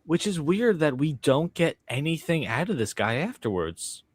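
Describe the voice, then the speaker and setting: Easygoing, lively-voiced male panelist. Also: a little high, moderate pace, husky, no room sound. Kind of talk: casual panel chat.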